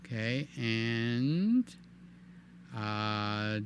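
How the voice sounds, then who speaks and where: A man hosting a live stream in casual, animated chat, cooing in baby talk and reading viewer comments aloud. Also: medium pitch, drawn-out words, a little hiss or hum. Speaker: livestream host.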